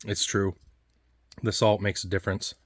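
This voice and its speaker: A food reviewer with a fairly low, level voice rambles through a casual taste test of old food, faint background noise behind him. He halts often, restarting sentences and leaning on fillers.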